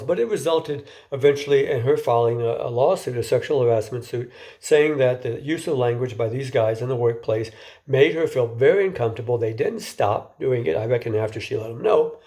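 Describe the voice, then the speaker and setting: In a loose, lecture-style talk, a man with a mellow, dark voice at medium pitch keeps things conversational. He frequently trips over repeated words before continuing, and every so often he puts a question to his audience.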